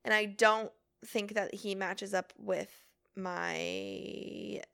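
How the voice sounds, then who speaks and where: A young woman co-hosting a podcast, chatting in a lively way and acting out quoted lines as she goes. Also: medium pitch, vocal fry, clean tone, dry recording, clean studio sound. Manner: chatty, animated, quick quoted asides. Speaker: podcast co-host. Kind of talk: casual chat.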